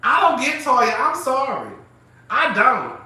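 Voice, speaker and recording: High-voiced bright animated man, echoey. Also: takes it slowly, recorded from a distance. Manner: animated, profane, laughing often. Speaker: host. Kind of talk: casual live commentary.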